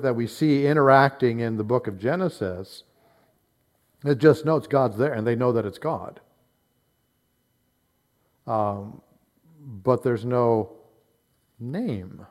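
Guy teaching bible stuff, slow and careful, reads old-style verses out. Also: mid-range voice, darkish tone. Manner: deliberate, explanatory, quotes scripture in old-style wording. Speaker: preacher.

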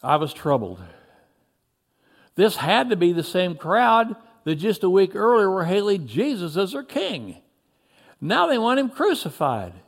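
A man narrating a biblical story in the first person in an expressive way, dropping low for reflective passages. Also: measured pace, gravelly.

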